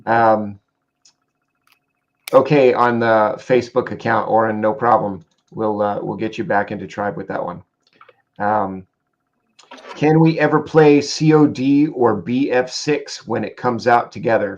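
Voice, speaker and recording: Gravelly man reading viewer questions. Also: on the low side, highs cut off. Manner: reads out chat comments with quick asides and chuckles. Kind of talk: casual livestream chat.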